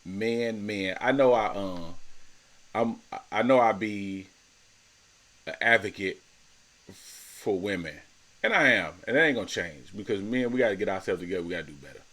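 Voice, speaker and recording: A man's voice: on the low side, lively intonation, normal speed, pauses often, fairly bright tone. A man in his thirties hosting a casual solo podcast, talking in a slangy, laid-back way, repeating words and laughing often. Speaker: podcast host.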